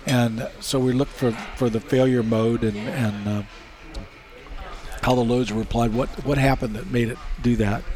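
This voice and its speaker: A man's voice: mid-range voice, steady tone, moderate pace, darkish tone. Man telling stories with easy laughs. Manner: anecdotal, laughs through stories, frequent fillers and restarts. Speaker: racing safety expert. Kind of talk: casual interview storytelling.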